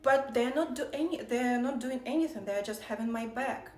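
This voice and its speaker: Woman streamer, blunt and irritated, slightly high voice, roomy echo. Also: normal speed, darkish tone, soft background music. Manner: blunt, irritated, lecturing chat. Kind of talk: casual live stream chat.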